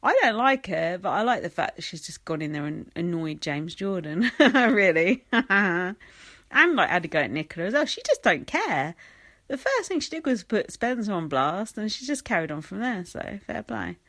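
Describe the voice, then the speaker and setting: A young woman with an English accent talks through her podcast in a blunt, sarcastic rant. Her pitch rises and falls a lot as she mocks people in put-on voices. The sound is close and dry, with no room around it. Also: very animated, moderate pace, a bit bright, no room sound. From England. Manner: chatty, sarcastic, blunt and swearing, with mocking quoted voices. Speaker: podcast host. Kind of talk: casual solo podcast rant.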